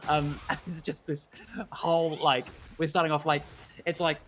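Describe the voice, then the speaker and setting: A man's voice: a little high, normal speed, a little hiss or hum. A man in casual chat, animatedly walking through a scene he is animating and acting out bits of it. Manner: animated storytelling, acts out characters. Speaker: co-host, animator.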